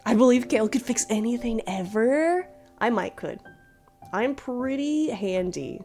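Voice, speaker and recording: A woman doing casual live-stream commentary, gushing and excitable, laughing often. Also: on the high side, normal speed, faint music behind. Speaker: livestreamer.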